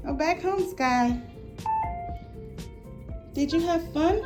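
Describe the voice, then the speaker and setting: A young woman vlogger talks to her puppy in a high, swooping sing-song, coaxing and praising him with affectionate baby talk. She speaks slowly and drawn out, with music playing clearly behind her voice. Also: expressive, darkish tone. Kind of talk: talking to her puppy on a walk and at home.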